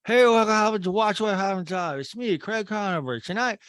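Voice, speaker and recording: A man's voice: high-pitched, brisk, fairly bright tone, dry recording, voice pushed up. A man putting on a mocking impression of a male reality star, rambling and repeating himself.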